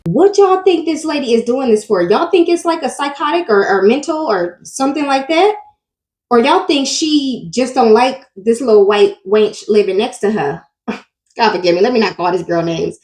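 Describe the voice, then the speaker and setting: A woman hosting a casual reaction commentary, animated and asking her viewers questions directly. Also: a little high, normal speed, reverberant. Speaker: commentary channel host.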